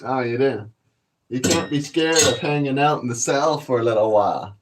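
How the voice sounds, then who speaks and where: Guy vlogging, swears a lot, cocky and laid-back, mid-pitch voice. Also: normal speed, background noise. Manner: profane, boastful, laid-back. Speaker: cannabis vlogger. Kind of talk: casual storytelling.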